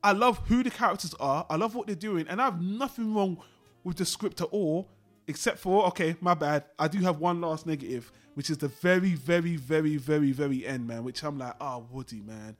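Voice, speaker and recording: A man co-hosting a podcast, chatting casually about a film, animated and swearing as he acts out lines from it. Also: a little high, brisk, faint music behind. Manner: animated, swearing, acts out characters in his retelling. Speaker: podcast co-host.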